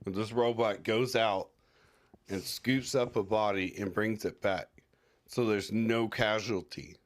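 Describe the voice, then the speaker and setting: A man's voice: on the low side, fairly even intonation, unhurried. A man co-hosting a casual podcast who jokes and rambles, often acting out quoted lines. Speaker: podcast co-host. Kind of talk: casual chat.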